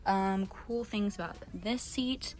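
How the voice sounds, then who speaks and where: A woman's voice: medium pitch, slow pace, a little mellow. A woman vlogger giving a casual boat walkthrough, chatty and full of fillers, a bit out of breath. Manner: chatty, filler-heavy, self-correcting.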